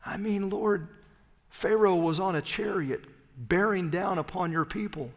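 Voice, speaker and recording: A high-voiced man preaching in a big church sanctuary, where a long reverb trails his words. He swings from ringing, emphatic peaks down to hushed, low phrases as he pushes his points home. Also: normal speed. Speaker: pastor. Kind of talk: sermon.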